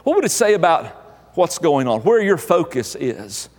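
Preacher, male, high voice, emphatic repetition, reverberant church hall. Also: big pitch swings, normal speed, darkish tone. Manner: emphatic preaching with repeated phrases. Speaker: pastor. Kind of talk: sermon.

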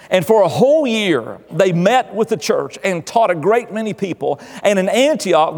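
High-voiced preacher man in a hall. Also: vocal fry. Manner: emphatic, exhorting, repeats phrases. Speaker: pastor. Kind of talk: sermon.

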